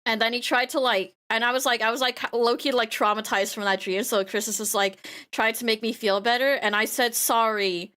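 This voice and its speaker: A woman VTuber streamer in casual chat, telling rambling, animated stories with frequent laughter and repeated phrases. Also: on the high side, brisk.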